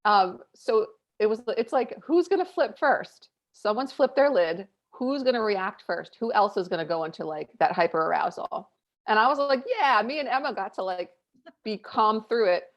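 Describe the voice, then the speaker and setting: Candid mom telling a family story. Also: female voice, mid-range voice, normal speed. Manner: candid, animated storytelling with frequent "like" fillers. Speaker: podcast co-host. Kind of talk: casual podcast chat. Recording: dull lo-fi audio.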